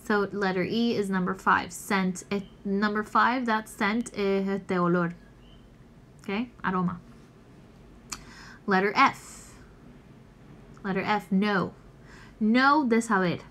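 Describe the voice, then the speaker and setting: Woman teacher, patient step-by-step explaining, moderate pitch, slow delivery. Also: a bit bright. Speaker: English teacher. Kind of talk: recorded class lesson.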